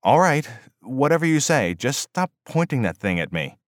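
Brief: narrator as a jittery male reporter, placating and a bit higher than his narration, dry sound. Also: sing-song, normal speed, dry recording, close to an everyday voice. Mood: nervous. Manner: nervous, placating. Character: apologetic male newspaper reporter.

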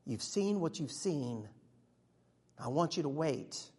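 A man voicing Jesus in a stage monologue, calm, reassuring and slow. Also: a little high, breathy edge, voice pushed down, exaggerated voice. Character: calm, gentle adult male Jesus speaking with authority. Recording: long reverb of a large hall.

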